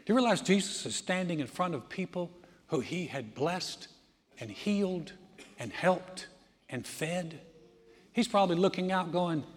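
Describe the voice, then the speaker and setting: A man preaching a sermon as pastor, telling stories and swinging between loud emphasis and hushed, low lines. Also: lively intonation, measured pace, long reverb tail.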